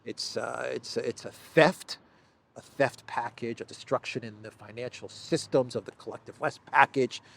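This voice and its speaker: A man's voice: mid-range voice, normal speed, creaky, fairly bright tone. A man hosting a solo news commentary, talking in an emphatic, sarcastic way with frequent restarts. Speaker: political commentary host.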